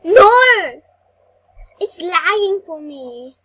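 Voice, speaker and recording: A young girl giving excitable, easily frustrated commentary while playing an online race game, cheering herself on between outbursts. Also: extremely high pitch, takes it slowly, dry recording. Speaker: gaming channel host. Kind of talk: gameplay commentary.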